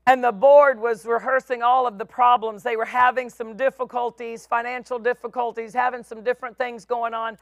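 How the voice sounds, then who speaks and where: In a slightly high, level tone, a middle-aged female pastor delivers her sermon with drawn-out, emphatic phrasing, voicing the characters in her stories. The sound is clean studio audio with a dry recording.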